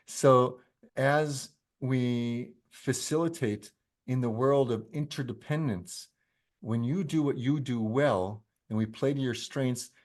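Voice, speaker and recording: A middle-aged man, host of a business coaching podcast, talking in a calm, unhurried, reflective way and guiding slow breathing pauses. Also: medium pitch.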